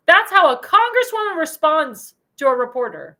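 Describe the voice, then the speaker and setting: Woman, commentary host, high bright voice, indignant and emphatic, repeats lines. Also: very animated, normal speed, hardly any pauses. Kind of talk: political commentary show monologue.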